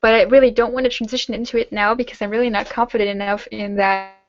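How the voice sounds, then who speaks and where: A woman's voice: fairly high pitch, fairly even intonation, quick pace, dull audio. A young German woman hosting a casual Q&A hangout, chatting with lots of fillers and restarts. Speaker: host; teacher-training student.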